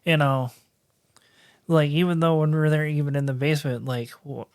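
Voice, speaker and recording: A man's voice: on the high side, fairly even intonation, normal speed, darkish tone. A man in casual podcast chat, telling a story in loose, rambling run-on sentences full of fillers.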